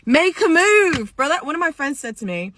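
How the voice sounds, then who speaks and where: A woman's voice: high voice, sing-song, normal speed, fairly bright tone, a little hiss or hum. A woman telling a dating story in a casual phone video, exasperated and sarcastic.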